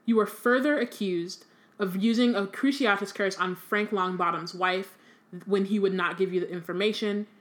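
A woman's voice: mid-range voice, fairly even intonation, normal speed, natural voice. A woman reading aloud the lines of a stern older male judge in her own voice, formal and severe.

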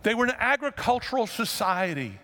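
High-voiced pastor preaching in a big hall. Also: male voice, sing-song, fairly quick. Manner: conversational, self-deprecating, builds to loud emphatic passages. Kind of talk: sermon.

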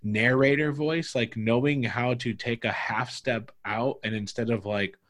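A man's voice: medium pitch, fairly even intonation, a little slow, fairly bright tone. Male game master, loose rambling podcast delivery, heavy filler words. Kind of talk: casual podcast discussion.

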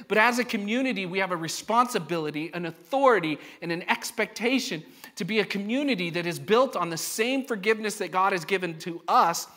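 A man's voice: high voice, fairly bright tone. A male pastor, a father of a young child, preaching a sermon in church in a conversational, joking way, asking the congregation rhetorical questions. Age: adult parent of a young child.

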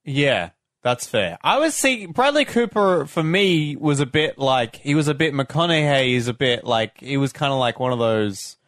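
A man's voice: mid-range voice, animated, normal speed, fairly bright tone, no room sound, studio quality. A man co-hosting a casual film chat, rambling with lots of fillers and self-corrections. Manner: rambling, many fillers and restarts. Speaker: podcast co-host.

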